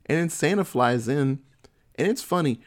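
Animated man retelling a movie, swearing freely. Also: on the high side, moderate pace. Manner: profane, laughing, animated storytelling. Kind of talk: casual chat, retelling a movie plot.

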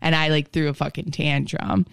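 A woman's voice: low-pitched, flat delivery, normal speed, gravelly, smooth, dry recording, studio quality. A young woman hosting a podcast, telling rambling, profane stories full of "like" in a casual chat. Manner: profane, rambling, filler-heavy storytelling. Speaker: podcast host.

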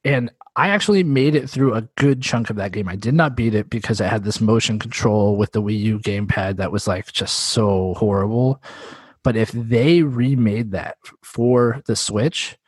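A man's voice: on the low side, moderate pace, breathy edge, dry recording. A man co-hosting a casual video game podcast, joking and laughing as he talks. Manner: laughing, jokey, slips into mock voices for quotes. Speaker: podcast co-host. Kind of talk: casual chat about video games.

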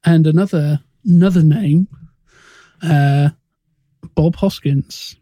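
A man with a fairly high but mellow voice, co-hosting a casual film podcast. He speaks in a measured, hesitant way and often restarts his sentences. The sound is dry and close. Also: no room sound. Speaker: podcast co-host.

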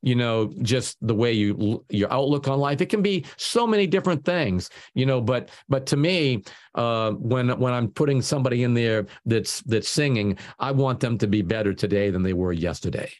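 A man speaking as a guest producer in a casual interview. His pitch sits in an ordinary middle range. He rambles and doubles back on words while he explains. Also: lively intonation, normal speed. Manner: rambling, repeats words often as he thinks.

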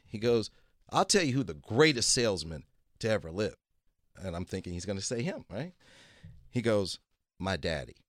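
A man's voice: lowish voice, big pitch swings, normal speed, pauses often, dry recording, clean studio sound. A man telling a long story as a guest, acting out other people's lines in his own voice and repeating "he goes". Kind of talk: casual storytelling.

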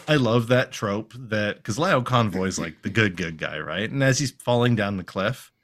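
A man with a fairly low voice and moderate pace co-hosts a podcast, casually recapping a cartoon episode. He's animated and jokey, acting out lines in silly put-on voices.

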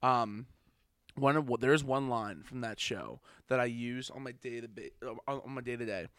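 A man's voice: mid-range voice, moderate pace, a bit bright, clean tone, no room sound. Young man rambling jokily, dry mic. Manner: rambling, jokey, laughs at own jokes. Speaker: podcast host. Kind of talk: casual chat.

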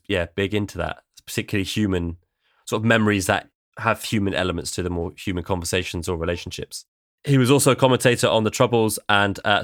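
Low-voiced man, chatty podcast host. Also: fairly bright tone, no echo, studio quality. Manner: chatty, wry, explains at length. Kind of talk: casual chat about poetry.

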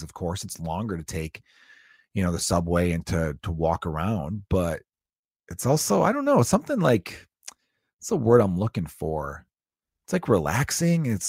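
A man's voice: fairly low pitch, big pitch swings, moderate pace, a little mellow, slightly rough, no echo, studio quality. A man in his thirties hosting a podcast, rambling and joking in a casual monologue, swearing freely. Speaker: podcast host.

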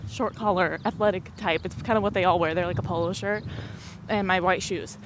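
A woman's voice: lowish voice, fairly even intonation. Rambling young woman, noisy recording. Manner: rambling, fast, swears casually, laughs often. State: a bit out of breath. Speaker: podcast host. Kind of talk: casual chat.

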